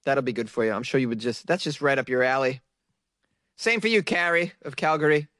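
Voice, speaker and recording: A man's voice: medium pitch, a little fast, fairly bright tone, no room sound. A man from Boston hosting a comedy news segment, teasing and sarcastic and laughing often. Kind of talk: mocking comic commentary on weird news.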